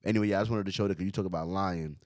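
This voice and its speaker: A man reacting to a clip, laughing often and talking in loud, slangy disbelief. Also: sits low, rapid-fire, background noise. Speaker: streamer reacting to a video. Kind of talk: casual reaction commentary.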